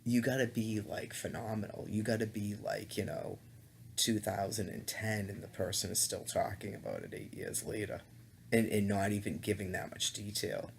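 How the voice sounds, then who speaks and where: On a laptop webcam mic with a little hiss or hum, a man with a creaky, fairly low voice rambles at a moderate pace with fairly even intonation. Disgusted and indignant, he keeps stuttering, restarting and filling gaps with um.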